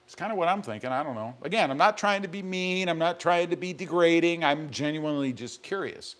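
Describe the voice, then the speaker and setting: Man hosting a chatty live stream from a garage, reads comments and jokes, slightly high voice. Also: brisk, fairly bright tone. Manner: joking, rambling, reads viewer comments aloud. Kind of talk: casual live stream chat reading comments. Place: home garage.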